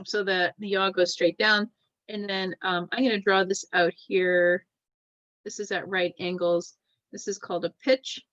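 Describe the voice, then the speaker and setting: A woman's voice: mid-range voice, fairly bright tone, no echo. Lecturing woman on a dull, dry recording. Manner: explains while drawing, checks in with "right?" often. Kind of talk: classroom lecture.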